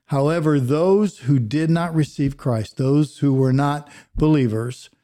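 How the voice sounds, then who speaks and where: A man, a pastor and podcast co-host, teaching a Bible passage verse by verse in an earnest preaching manner that drops to a hush on solemn points. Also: on the high side, measured pace.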